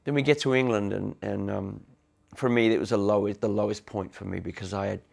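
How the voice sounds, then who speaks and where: A man being interviewed, telling his own story frankly and haltingly, with restarts. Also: on the low side, fairly even intonation, creaky, darkish tone. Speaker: interviewee, former band member. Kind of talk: candid reflective storytelling.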